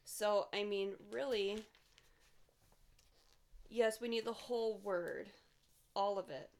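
Steady woman listing scripture points. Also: medium pitch, slow, creaky. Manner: steady, listing points in short clipped phrases. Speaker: podcast co-host. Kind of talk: casual podcast talk, reciting scripture.

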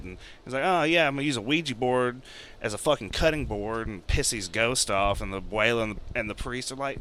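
A young man on a podcast rambles through a story, swearing freely and jumping up in pitch to act out the people in it. His voice is bright and forward. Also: lively intonation, brisk, slight background noise. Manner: rambling, swearing, acts out characters with jumps in pitch. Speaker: podcast co-host. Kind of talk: casual chat, retelling a story.

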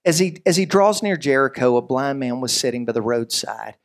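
A man preaches a sermon in a mid-range voice. He talks in a lively, joking way and tells stories. He often breaks off into side remarks before coming back to his point. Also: medium pitch, fairly quick. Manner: lively, joking storyteller with frequent asides. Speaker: pastor.

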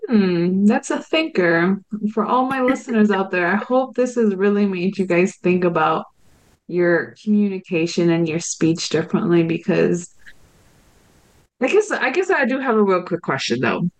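A woman's voice: mid-range voice, expressive, normal speed, low-quality recording. A woman podcast host interviews a guest. She sounds curious and conversational, asking follow-up questions as the talk goes on.

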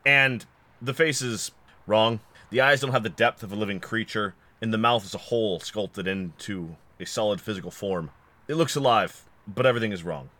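A man's voice: lowish voice, normal speed, pushed and bright. A man from California narrating as game master in a tabletop game, descriptive and wry.

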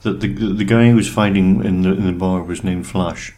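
A man with a fairly low voice chats on a casual podcast. His delivery is sarcastic and teasing, quick to rib his co-host. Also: steady tone, warm tone.

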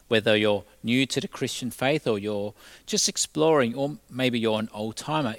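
A man's voice: medium pitch, no echo. A man preaching a sermon as a pastor, telling a parable and acting out its voices. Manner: storytelling, acts out the voices in a parable; leads a quiet prayer.

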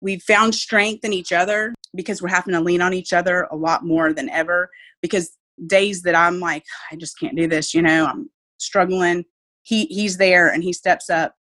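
A woman's voice: fairly low pitch, fairly even intonation, moderate pace, fairly bright tone. A woman, a mother speaking earnestly and with faith about her child's illness in an interview. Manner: heartfelt, faith-filled, earnest. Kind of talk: emotional personal interview.

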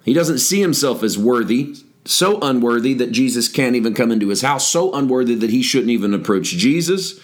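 A man's voice: mid-range voice, lively intonation, fairly quick. A man hosting a daily Bible podcast, reading scripture aloud and explaining it with emphasis on key words. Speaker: pastor. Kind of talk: teaching a Bible lesson podcast.

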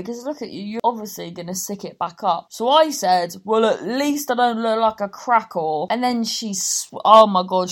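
A woman in her thirties from Cornwall, with an English accent and a slightly high voice, chatting casually as a podcast host. She rambles through her stories, swears freely, and wanders off on tangents. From Cornwall, England. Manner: rambling, swearing storyteller who goes off on tangents. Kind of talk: casual chat.

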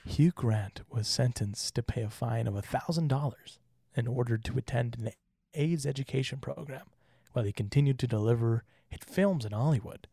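A man co-hosts a casual podcast with a gravelly, husky voice. He reads notes aloud and keeps breaking into jokes and laughter. The sound is dry and close. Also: mid-range voice, normal speed, few pauses, warm tone, no echo. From Utah. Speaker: podcast co-host. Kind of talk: casual chat with reading.

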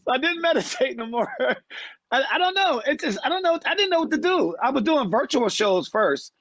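A man's voice: very high-pitched, very animated, fairly quick, a bit bright, no room sound. A man, a comedian, joking around as a guest in a casual podcast chat. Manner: joking, playful, sings a rap.

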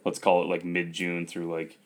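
A man, co-hosting a podcast and chatting casually, telling stories in an animated way with lots of fillers. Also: sits low, normal speed. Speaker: podcast co-host. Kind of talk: casual chat.

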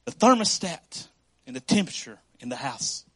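A man's voice: mid-range voice, big pitch swings, moderate pace, slightly rough. A middle-aged male pastor preaching a sermon, telling stories about his marriage with laughs and acted-out quotes.

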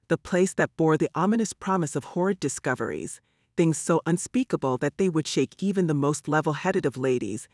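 A man narrates a novel in a steady, wry storytelling manner. His voice sits fairly high for a man. The recording is dry and close, with no room sound. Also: dry recording. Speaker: audiobook narrator. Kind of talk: scripted narration.

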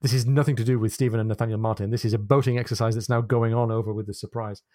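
A man's voice: lowish voice, fairly even intonation, warm tone, no echo. Man retelling a novel, dry sound. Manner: measured, descriptive storytelling with occasional hesitations. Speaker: podcast co-host.

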